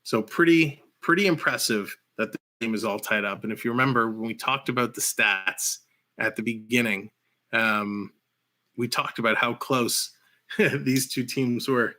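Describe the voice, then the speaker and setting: A man's voice: mid-range voice, pushed and bright. A man with a Canadian accent calling live hockey play by play and chatting with viewers between plays. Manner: rapid play calls mixed with chatty asides to viewers, laughing often. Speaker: play-by-play host.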